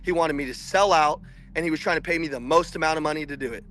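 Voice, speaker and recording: A man with a high, ringing voice gives a fired-up motivational talk to salespeople, preaching hard and climbing to shouts. Faint music sits under him. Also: fast talker. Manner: intense, preachy, builds to shouting. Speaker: sales coach. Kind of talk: motivational speech.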